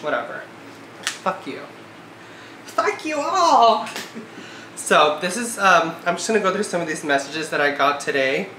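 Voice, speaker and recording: A woman in her twenties talks through a casual vlog, her words full of "like" and a note of exasperation. Her voice has a bright, sharp edge. The recording has a roomy echo. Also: low voice, slight background noise. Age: 20s. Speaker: vlogger. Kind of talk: casual chat. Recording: echoey room.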